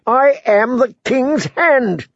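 A man voicing a frightened, pompous older high-born lord who pleads in a shrill voice. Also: animated, unhurried, creaky, a little mellow, breathy edge, dry recording, muffled recording, heavily acted. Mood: desperate pleading. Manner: shrill pleading, then fussy self-pity.

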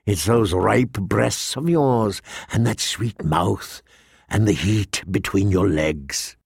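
A man reading aloud, voicing a sharp-tongued, sardonic male dwarf nobleman in a slightly raised voice. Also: lowish voice, creaky, husky, no echo, studio quality, voice pushed down, full character voice. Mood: mocking. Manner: sardonic, quick, cutting.

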